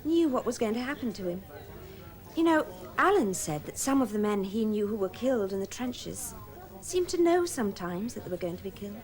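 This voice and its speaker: A woman's voice: mid-range voice, sing-song, fairly quick, darkish tone, natural voice. An actress playing an earnest, dreamy young woman running a party game in a televised stage drama. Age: young adult. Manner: eager, bossy, reflective.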